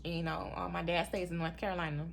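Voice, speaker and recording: Speaking at a quick clip with a creaky voice, a young woman shares a personal story with her viewers, full of energy. She keeps addressing them as "y'all" and mimics others' lines in a high voice, with a bit of background noise present.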